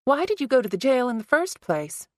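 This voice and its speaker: A woman's voice: high voice, very animated, a little fast, darkish tone, dry recording, voice pushed up. A woman voicing a blunt younger sister who needles and pushes in an audiobook. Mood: needling.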